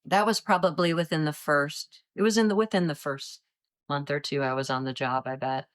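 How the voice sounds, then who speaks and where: A woman in her fifties from Iowa, a retired agent telling stories in a relaxed interview and acting out the voices of others. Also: low-pitched, normal speed. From Iowa, United States. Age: 50s. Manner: animated, acts out quoted voices. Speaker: retired DEA agent, guest. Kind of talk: casual interview storytelling.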